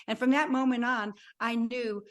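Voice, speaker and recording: Woman, sixties, fairly high voice, animated storyteller, acts out dialogue, interview guest. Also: normal speed. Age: 60s. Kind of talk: personal storytelling.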